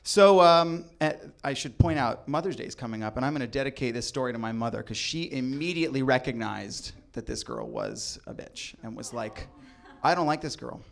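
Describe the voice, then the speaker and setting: A young adult man telling a comedic true story, animated and acting out the people in it. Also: medium pitch, fairly quick, vocal fry, hardly any pauses. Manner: animated, acts out voices in quotes.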